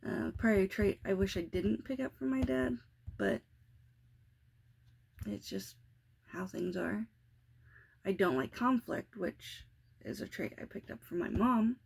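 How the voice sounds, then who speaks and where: A woman's voice: mid-range voice, unhurried, gravelly, pauses often, a little mellow, slight background noise. A woman in her thirties, a mother talking through her day in a rambling, self-reflective vlog with many restarts. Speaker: parenting vlogger. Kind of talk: casual confessional vlog.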